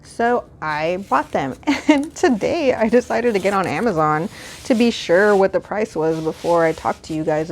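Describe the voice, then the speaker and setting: A woman from Texas, hosting her podcast in a casual solo chat. She gushes excitedly and pokes fun at herself as she talks. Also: lowish voice, vocal fry, slight background noise. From Houston, Texas. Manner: excitable, gushing, self-mocking. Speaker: podcast host.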